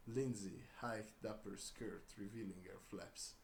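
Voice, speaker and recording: A man with a lowish voice reads a story aloud, stopping to laugh and comment. The recording is roomy with a faint hiss behind it. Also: steady tone, unhurried. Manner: laughs and breaks off with asides. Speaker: reader. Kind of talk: comedic reading of a crude story.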